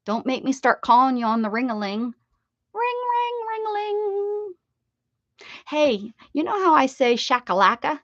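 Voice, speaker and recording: American lady rambling on her craft stream, kinda high voice, dry dull lo-fi sound. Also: a little fast, hardly any pauses, dry recording. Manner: chatty, rambling, greets viewers warmly with sing-song repeats. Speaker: craft livestream host. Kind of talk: casual chat with live chat readers.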